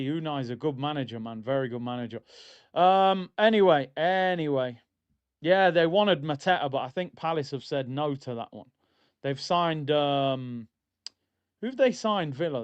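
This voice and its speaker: Excitable guy riffing on his team, kinda high voice, dull muffled audio. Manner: excitable, rambling, jokey football fan. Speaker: streamer hosting a football watchalong. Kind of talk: live fan chat, casual banter. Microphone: streaming mic.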